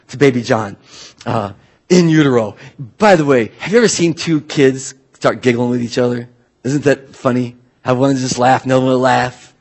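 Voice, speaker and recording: A man preaching a sermon in a casual, animated way, often restarting his sentences. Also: mid-range voice, breathy edge. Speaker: pastor.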